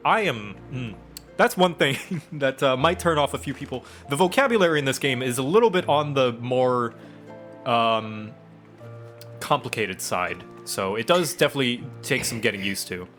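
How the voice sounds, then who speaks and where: A man chatting casually on a live stream while playing a game, relaxed and rambling, trailing off with ums. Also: mid-range voice, moderate pace, faint music behind. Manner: relaxed, rambling, hesitant with fillers.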